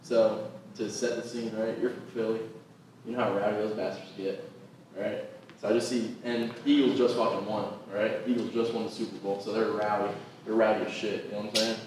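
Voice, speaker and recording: A man's voice: fairly low pitch, level tone, a little fast, darkish tone, heavy reverb, distant mic, slight background noise, rough recording. A man co-hosting a comedy podcast, telling profane stand-up stories and acting out crowd voices in casual chat. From Latin American heritage.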